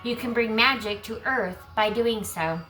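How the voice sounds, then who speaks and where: A woman giving a collective tarot reading who reads card texts aloud and breaks into chatty asides. She is losing her voice and keeps clearing her throat. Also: fairly high pitch, measured pace, pushed and bright, faint music behind, low-quality recording. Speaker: tarot reader.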